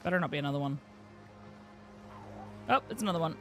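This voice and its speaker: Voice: mid-range voice, lively intonation, brisk. Wry muttering gamer, casual play-by-play, from the UK, faint music underneath. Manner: wry, muttering running commentary. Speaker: streamer. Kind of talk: casual gameplay commentary.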